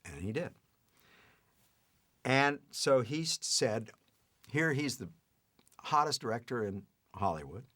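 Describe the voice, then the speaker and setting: An older man telling a family anecdote in a lively way, chuckling as he goes. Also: medium pitch, takes it slowly, pauses often. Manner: lively retelling with acted-out quotes and chuckles. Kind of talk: anecdotal storytelling.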